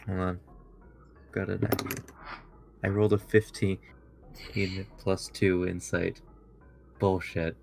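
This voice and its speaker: A man's voice: low voice, flat delivery, slow pace, creaky, long pauses, darkish tone, faint music behind. A man playing a tabletop game, chatting bluntly and incredulously. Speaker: player. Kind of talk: casual game-table chat.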